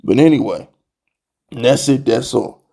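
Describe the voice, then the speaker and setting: A young man hosting a sports fan channel, ranting to camera in an exasperated, animated way, full of rhetorical questions and repeated jabs. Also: mid-range voice, measured pace, creaky, slightly rough. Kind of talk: heated fan rant to camera.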